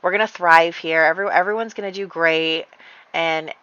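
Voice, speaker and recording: A breezy, upbeat young man shrugs off his sister's worries in a life-sim game story, as a woman puts him on. The tone is bright and a little low. The sound is dry and somewhat dull. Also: steady tone, moderate pace, clear, resonant tone, no echo, natural voice. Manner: breezy, reassuring.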